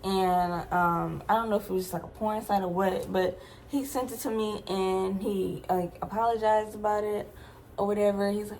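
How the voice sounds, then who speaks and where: A woman's voice: medium pitch, steady tone, normal speed, vocal fry, a little mellow, slight background noise. A young adult woman vlogger telling a personal story in a casual, slangy, emphatic way, with many asides to her viewers.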